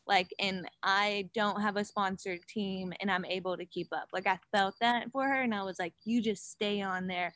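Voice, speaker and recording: A woman chatting casually as a podcast guest, an animated storyteller who acts out quotes, with many fillers. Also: mid-range voice, normal speed, hardly any pauses, no room sound. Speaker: guest, gravel bike racer.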